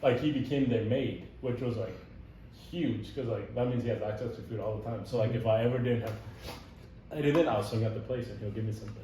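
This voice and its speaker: A young man telling stories in casual conversation, animated and laughing as he goes, with many fillers like "like" and "dude.". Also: medium pitch, quick pace, a little hiss or hum. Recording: echoey room, voice from some distance.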